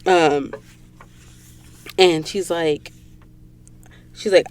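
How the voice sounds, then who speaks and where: Her fairly low voice is animated and measured as she recaps a book on her casual podcast, recorded with a studio mic in a booth. The woman tells the story in a dramatic, emotional way and talks right to her audience.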